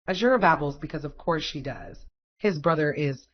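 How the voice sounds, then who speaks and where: A man reads a fan fiction story aloud with wry, casual storytelling. His voice sits fairly high. The recording sounds dull and lo-fi. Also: moderate pace. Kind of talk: audiobook narration.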